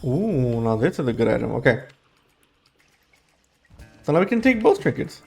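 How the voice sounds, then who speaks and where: A man's voice: medium pitch, big pitch swings, normal speed, vocal fry, darkish tone, faint music behind. Sleepy, dry-throated young man gaming. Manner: rambling, thinks aloud with fillers and restarts. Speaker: gaming YouTuber. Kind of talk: casual gameplay commentary.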